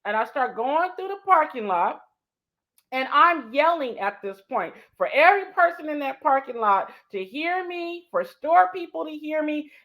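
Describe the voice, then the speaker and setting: A woman's voice: high-pitched, sing-song, normal speed, fairly bright tone. A woman in her fifties, co-hosting a show, tells a personal story with emphasis, repeating key points and acting out the dialogue. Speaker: co-host sharing a personal story. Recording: dull lo-fi sound.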